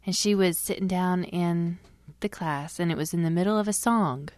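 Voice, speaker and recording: A woman co-hosting a podcast, telling an animated story and giggling often. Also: lowish voice, normal speed, no echo. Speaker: podcast co-host. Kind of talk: casual chat, storytelling.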